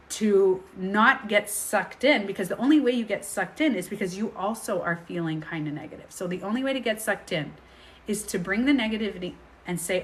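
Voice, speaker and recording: This healing coach, a woman with a medium-pitched voice, talks casually to her audience, animatedly playing out inner voices while she reads viewer questions and answers them.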